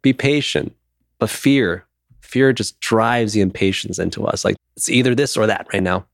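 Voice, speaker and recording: With a creaky voice on the low side, a thirty-something man co-hosting a podcast chats casually at a moderate pace, opening up emotionally and sometimes swearing. It's a studio-quality recording with no room sound.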